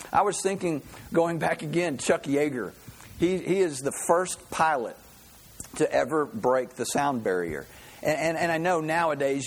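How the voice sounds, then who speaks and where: A middle-aged man preaching a sermon in a halting, folksy way, often repeating words as he goes. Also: medium pitch. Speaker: pastor.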